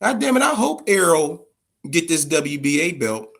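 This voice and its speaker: A man's voice: fairly high pitch, sing-song, normal speed, gravelly, fairly bright tone. A man hosting a boxing podcast, giving casual, opinionated commentary full of swearing and repeated emphasis. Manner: profane, emphatic, repeats himself.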